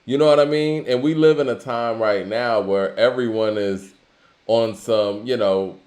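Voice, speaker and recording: A man's voice: mid-range voice, unhurried, a little mellow, roomy sound. A man co-hosting a casual talk show, musing conversationally with lots of filler phrases. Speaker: podcast co-host. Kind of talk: casual hip-hop discussion.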